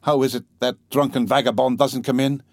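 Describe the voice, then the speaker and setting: A man's voice: mid-range voice, little pitch movement, brisk, a little mellow, no room sound, clean studio sound, lightly acted. A man voicing a proud, distraught consumptive mother who talks fretfully and breathlessly. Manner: breathless, fretful and rambling, broken by coughs.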